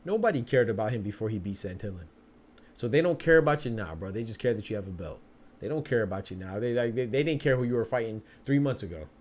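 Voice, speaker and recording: A man's voice: fairly low pitch, animated, fast, a little mellow. Slang-heavy man hosting a podcast. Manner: conversational, streetwise slang, repeats phrases. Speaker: boxing podcast host. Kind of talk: casual solo podcast talk.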